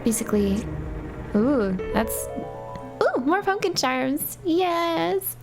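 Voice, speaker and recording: A woman's voice: high voice, big pitch swings, takes it slowly, over music. A woman hosting a let's-play, chatting and joking her way through a horror game. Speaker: gaming channel host. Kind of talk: playful let's-play commentary.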